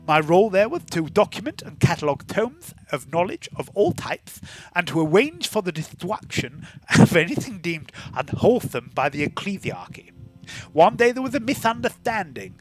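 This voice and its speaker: A man voicing a formal, pompous woman scholar in her thirties who speaks with measured precision. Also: on the high side.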